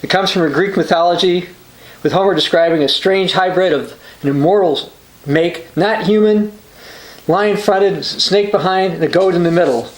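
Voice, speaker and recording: Male preacher, high-pitched, reads quotes and scripture for a sermonette, some hesitations; roomy echoey sound. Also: moderate pace. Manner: reads quotations aloud with frequent uh and restarts. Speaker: preacher hosting a religious news channel. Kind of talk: short sermon reading news and scripture.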